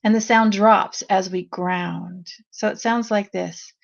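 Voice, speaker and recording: A woman leading a guided meditation with chanted vowel sounds, speaking slowly and gently. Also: mid-range voice, fairly even intonation, gravelly, dull audio. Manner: slow, gentle and soothing.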